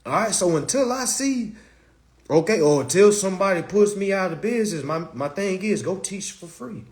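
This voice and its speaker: Animated, profane man ranting on a live stream. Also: high-pitched, moderate pace. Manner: blunt, profane, animated, with rhetorical questions. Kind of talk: casual live stream rant.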